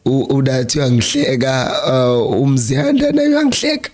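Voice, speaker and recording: A hoarse South African man with a flu-worn voice, hosting a live-streamed football chat in a Zulu-accented mix of English and Zulu and reading viewer comments aloud. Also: mid-range voice, huge pitch swings, moderate pace, darkish tone. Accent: South African, Zulu-speaking. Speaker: fan channel host.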